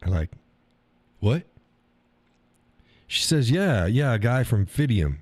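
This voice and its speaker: A man's voice: medium pitch, very animated, slow pace, a little mellow, slightly rough, no room sound. A middle-aged American man hosting a live stream, ranting casually in a profane, rambling way and mocking other people's words. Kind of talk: casual storytelling rant.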